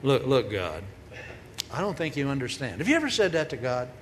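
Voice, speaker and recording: A woman giving a humorous sermon in a large hall, telling stories in a lively way and acting out the voices she quotes. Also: very deep voice, fairly quick. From grew up on a farm. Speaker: speaker, preacher. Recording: long hall reverb, faint noise.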